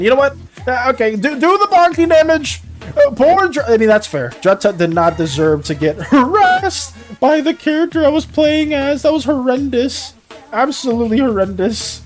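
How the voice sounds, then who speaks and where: Animated streamer with a lively voice. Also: mid-range voice. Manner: animated, rambling, quick to laugh. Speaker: streamer and game master. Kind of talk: casual live-stream chat.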